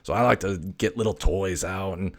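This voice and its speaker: A man's voice: low voice, moderate pace. A man voicing a brash, foul-mouthed male house cat who swaggers, stammers and swears constantly. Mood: boastful. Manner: swaggering, profane, rambling with stammers.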